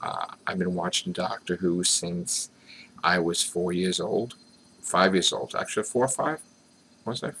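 A man's voice: low-pitched, fairly even intonation, measured pace, a bit bright, slight background noise. An American man talking to his viewers in a rambling, self-mocking, earnest vlog monologue. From United States. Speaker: vlogger.

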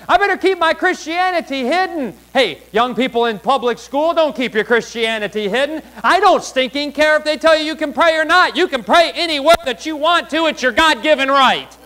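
A preacher delivers a sermon in a high, bright, ringing voice over poor audio. He hammers his points home, suddenly sinks to a hush for asides, then builds back up.

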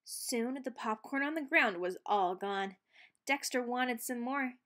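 A woman reading a children's picture book aloud, expressive and playful with sound words. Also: fairly high pitch, unhurried. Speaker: read-aloud narrator.

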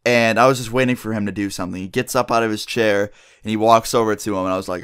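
Talking at a quick pace in a mid-range, fairly bright voice, a young man vlogs a rambling story to his viewers. He swears a lot and says "like" constantly.

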